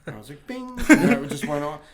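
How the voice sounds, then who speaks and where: Speaking quickly in a sing-song, slightly high voice, a New Yorker on a podcast spins meandering stories. He keeps restarting sentences and laughs while performing quotes in this casual conversation.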